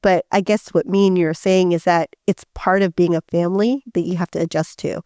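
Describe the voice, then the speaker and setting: A woman's voice: fairly low pitch, steady tone, brisk, dark tone, clean tone, no echo. Chatty woman co-host, dry sound. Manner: emphatic, many restarts and fillers. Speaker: podcast co-host. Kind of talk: casual chat.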